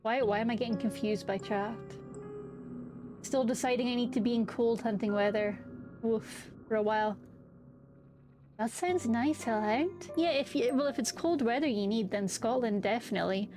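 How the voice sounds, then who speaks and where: A woman's voice: fairly high pitch, normal speed, darkish tone. A young woman chatting casually with her viewers, bubbly and giggly. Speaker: streamer. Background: background music.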